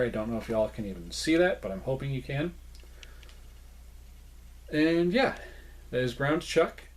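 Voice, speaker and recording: A young adult man casually narrating a showcase of his toy collection as the channel host, rambling in a relaxed way with frequent fillers and self-deprecating asides. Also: medium pitch.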